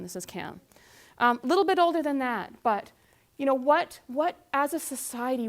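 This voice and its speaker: A woman in her forties speaks to a live audience in a bright, fairly high voice. She keeps it conversational, tossing questions to the room and slipping into little acted-out scenes to make her point. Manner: lively, asks the audience questions, acts out scenes. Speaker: conference speaker.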